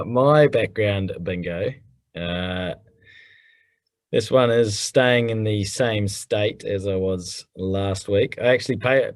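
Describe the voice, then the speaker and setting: Teasing Australian man, low voice. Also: a little mellow, dry recording. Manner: teasing, easygoing. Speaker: podcast co-host. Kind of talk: casual chat.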